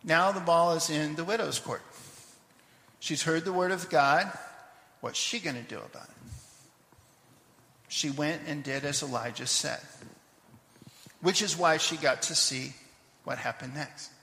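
A man preaching a sermon, telling a scripture story in a lively way with asides to the congregation; he grew up in Papua New Guinea. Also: on the high side, unhurried, pauses often, echoey room, long reverb tail. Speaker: pastor. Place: church sanctuary.

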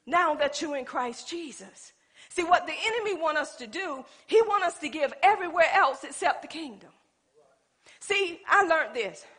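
High bright-voiced woman pastor preaching. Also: animated, moderate pace. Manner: colloquial preaching, calling out to the congregation; acts out little scenes of herself and others. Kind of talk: sermon.

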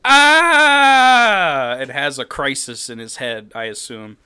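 A man's voice: medium pitch, steady tone, normal speed, pushed and bright. A man co-hosting a casual movie-review podcast, sarcastic and swearing freely as he recaps scenes. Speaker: podcast co-host.

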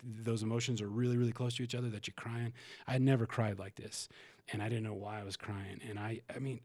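A man's voice: medium pitch, a little mellow, dry recording. A man talking as a podcast guest, frank and emotional, swearing and restarting his sentences as he tells a personal story. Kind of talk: candid conversational storytelling.

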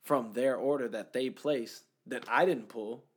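Animated storytelling man, casual talk. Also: medium pitch, measured pace, husky. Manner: animated storyteller, acts out quoted voices. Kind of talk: casual faith conversation.

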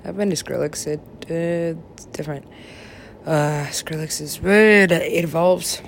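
A woman's voice: on the low side, slow, creaky, slight background noise. A woman rambling in a drifting, profane monologue that often drops to a whisper.

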